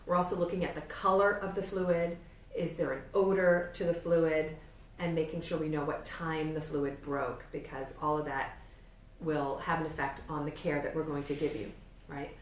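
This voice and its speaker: A woman with a New York accent teaches like a birth educator, laying points out plainly and tagging them with quick "right?" checks. Her voice sounds roomy and set back from the mic. A faint hum of ambience sits underneath. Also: low voice, fairly even intonation, far from the mic. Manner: explanatory, checks in with "right?" often. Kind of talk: instructional demonstration.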